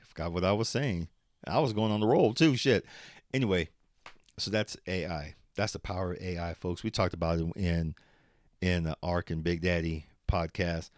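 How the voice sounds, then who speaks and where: Deep-voiced guy doing a solo podcast, cussing, laughing, slipping into pep talks, dry close sound. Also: no room sound. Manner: profane, rambling, laughs often; motivational pep talk. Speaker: podcast host. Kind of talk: casual solo podcast monologue.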